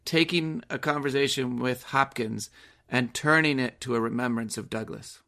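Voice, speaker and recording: A man's voice: medium pitch, steady tone, moderate pace, pushed and bright. A man co-hosting a podcast, discussing a poem in a reflective way and often restarting his phrases. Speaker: podcast co-host. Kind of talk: casual poetry discussion.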